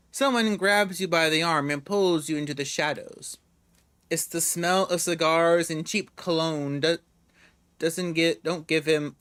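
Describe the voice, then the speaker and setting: A man's voice: a little high, fairly bright tone, no room sound. A man reading game narration aloud casually, often stumbling and restarting words. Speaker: gamer reading a visual novel aloud.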